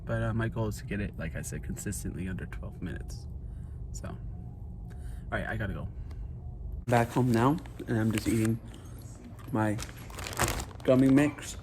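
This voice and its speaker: A man's voice: fairly low pitch, normal speed, pauses often, noisy background. A man talking casually to his vlog camera, rambling with lots of ums and uhs, sometimes with his mouth full. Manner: talks while eating. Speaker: vlogger.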